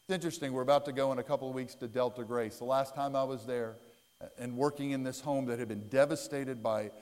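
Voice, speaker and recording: A man preaching a sermon as pastor. He speaks earnestly and swings between loud, dramatic lines and hushed ones. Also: mid-range voice, fairly even intonation, fast. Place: church sanctuary. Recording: long church-hall reverb.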